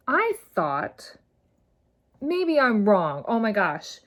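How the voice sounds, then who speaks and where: A woman's voice: medium pitch, wildly swooping pitch, very slow, long pauses, fairly bright tone. A woman in her thirties hosting a solo podcast, talking in an impassioned, rambling, emphatic way. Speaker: podcast host. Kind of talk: casual solo podcast monologue.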